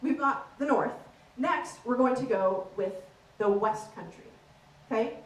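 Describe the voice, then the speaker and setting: High-voiced woman doing stand-up. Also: distant mic. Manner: chatty, teasing, quick asides. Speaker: stand-up comedian. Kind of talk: stand-up comedy. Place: theater stage. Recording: roomy stage sound from afar.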